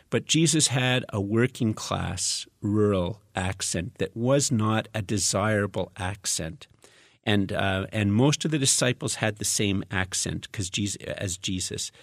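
A man's voice: lowish voice, no room sound, clean studio sound. A man preaching a reflective, conversational sermon, reading scripture aloud and explaining it with casual asides. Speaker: pastor.

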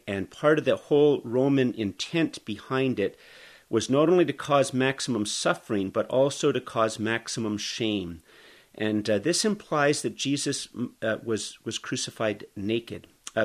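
Pastor, middle-aged man, easygoing conversational sermon style, mid-pitched voice. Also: animated, unhurried. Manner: conversational, explains as he reads. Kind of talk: expository sermon.

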